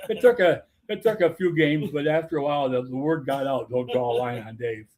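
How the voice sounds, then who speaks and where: An older man hosts a relaxed chat and tells stories from years of umpiring. He is chatty and laughs along with his own punchlines, in a middle-pitched voice. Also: a little fast, crowd noise. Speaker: host, former softball umpire. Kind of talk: casual storytelling chat.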